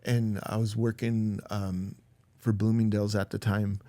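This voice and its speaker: A podcast guest tells a personal story in a lowish, mellow voice with little pitch movement, at a measured pace on a dry recording. He rambles loosely, saying "like" and "dude" constantly, and raises his voice to act out quoted lines.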